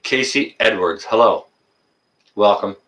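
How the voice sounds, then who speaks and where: A man's voice: lowish voice, a little slow, fairly bright tone, recorded from a distance. A man hosting a casual livestream, reading viewer comments and ranting, getting worked up and then apologizing.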